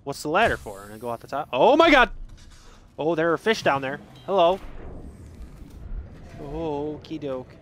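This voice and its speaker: A man's voice: on the high side, very animated, moderate pace, long pauses, a bit bright. A man giving jokey let's play commentary, reading game text aloud and swinging from mutters to sudden yelps. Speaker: gaming streamer.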